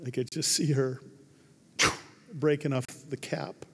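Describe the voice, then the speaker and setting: A man preaching a sermon as pastor, emphatic, swinging from hushed to loud. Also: medium pitch, little pitch movement, unhurried, vocal fry, husky. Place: large church hall. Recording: long hall reverb.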